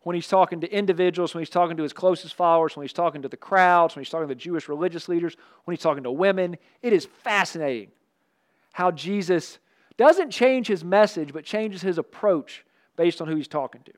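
Pastor, man, light high voice, chatty animated preaching with jokes. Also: a little fast. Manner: animated, conversational preaching with asides and humor. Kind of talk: sermon.

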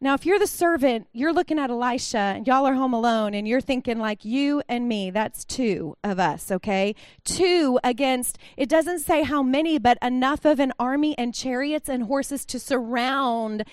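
A woman's voice: high voice, normal speed, clear, resonant tone, dry recording, clean studio sound. A woman giving a sermon in a chatty, conversational way, acting out the quotes. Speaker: pastor.

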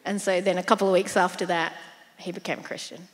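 A woman guest, telling her faith story in a casual interview, animated and quick to laugh as she acts out what others said. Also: on the low side, long reverb tail, noisy background.

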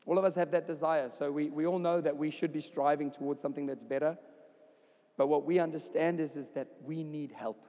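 A man's voice: on the high side, steady tone, fairly quick. A man, preaching a casual, chatty sermon as a church pastor, with many fillers. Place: church hall. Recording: dull sound with long hall reverb.

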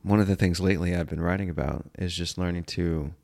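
A low-voiced man in his thirties talks through a casual comedic monologue. His voice has a gravelly, creaky edge. He rambles, swears freely and pokes fun at himself as host. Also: fairly even intonation, fast, a little mellow. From United States. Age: 30s. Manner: rambling, profane, self-mocking. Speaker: podcast host.

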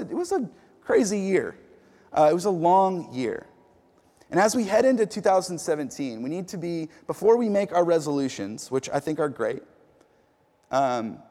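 A man who is a pastor, preaching a sermon in a relaxed, conversational way and telling stories with casual fillers and repeated words. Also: a little high. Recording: long hall reverb.

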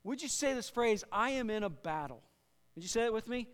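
A man with a notably high voice preaches to a congregation in a casual, conversational way, often repeating and restarting phrases. He draws the room in with call-and-response. His voice rings with long reverb from a large church hall. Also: lively intonation, fairly quick, fairly bright tone, clean tone. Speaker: pastor. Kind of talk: sermon. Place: church sanctuary.

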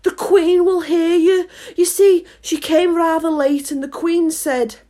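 A jittery, timid rabbit frets in hushed, hurried tones, as a woman reading a storybook puts him on. His voice sits high and wavers with nerves. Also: lively intonation. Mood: anxious. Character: timid, anxious male rabbit.

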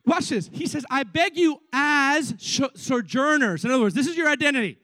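An excitable young male preacher with a very high voice, delivering an energetic sermon full of stammered repeats and asides to the crowd. The sound is dry and close, with no room echo. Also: normal speed. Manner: excitable, repeats words, frequent asides to the congregation.

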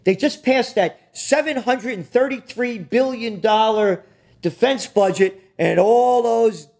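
A man's voice: high voice, slow pace, a little mellow. A man co-hosting a political talk show, ranting with profanity and biting sarcasm. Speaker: co-host.

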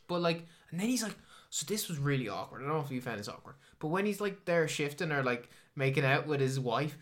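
An Irish podcast co-host chatting casually about a film, animated, sweary and mocking. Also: medium pitch, fast talker. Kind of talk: casual chat reviewing a film.

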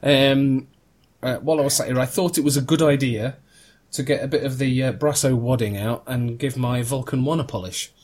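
A man hosts a casual podcast over a video call. He rambles and jokes, trailing off into ums and restarts in a mid-pitched voice. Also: steady tone, moderate pace, a little mellow. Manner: rambling, jokey, lots of fillers and restarts. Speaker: podcast host.

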